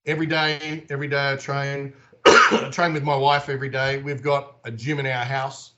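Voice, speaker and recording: A man's voice: medium pitch, flat delivery, normal speed, bright, forceful tone, lo-fi sound. A man in his forties with an Australian accent, a guest telling stories animatedly in an interview. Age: 40s. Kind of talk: casual storytelling in an interview.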